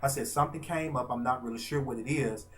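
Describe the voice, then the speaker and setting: Guy from arkansas gushing through a story, animated, lots of pauses for effect. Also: mid-range voice. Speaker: vlogger and fan. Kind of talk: casual storytelling.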